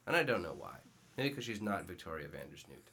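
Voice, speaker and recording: Low-voiced joking man. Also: very animated, quick pace, bright, forceful tone, a little hiss or hum. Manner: joking, crude. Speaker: podcast co-host. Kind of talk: casual chat.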